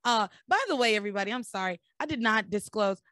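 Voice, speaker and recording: A hoarse woman who is losing her voice, so it sounds deeper than usual, hosting a podcast and recapping a soap opera in animated, joking chat. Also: fast talker, no echo, studio quality. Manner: animated, joking, laughs often. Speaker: podcast host.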